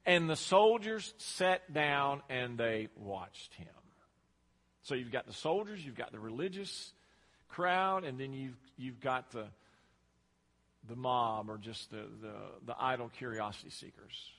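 Preacher with a bright, ringing voice. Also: male voice, mid-range voice, expressive, a little slow. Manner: emphatic preaching with repetitions. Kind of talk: sermon. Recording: long hall reverb.

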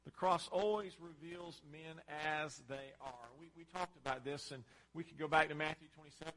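Preacher, male, emphatic sermon delivery, voice bright and higher than most, echoing through a big hall. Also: moderate pace. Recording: long hall reverb.

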